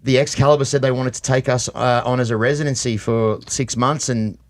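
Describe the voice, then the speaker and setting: A man's voice: medium pitch, steady tone, a little fast. An Australian man, a guest, talking easily in casual chat. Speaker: guest, show performer.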